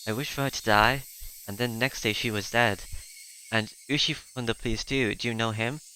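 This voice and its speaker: A man's voice: medium pitch, a little fast, pushed and bright, slight background noise, natural voice, low-quality recording. A man voicing a shaken, desperate teenage boy who stumbles and repeats himself urgently.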